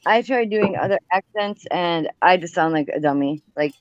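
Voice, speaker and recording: A woman's voice: lowish voice, normal speed, dry recording, lo-fi sound. A woman hosting a casual livestream chat, rambling with many fillers and restarts. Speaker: livestream host.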